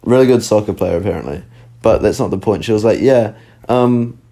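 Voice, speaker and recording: A young man with a New Zealand accent who talks fast in a low, mellow voice. He chats, jokes and swears casually. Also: vocal fry. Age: young adult. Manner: quick, joking, swears casually. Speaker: podcast co-host. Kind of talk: casual chat.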